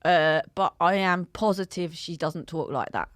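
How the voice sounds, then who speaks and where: A woman's voice: lowish voice, normal speed, no room sound, studio quality. A woman comedian, a guest on a podcast, chatting and giggling. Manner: giggly, lively storyteller. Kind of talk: casual comedy podcast chat.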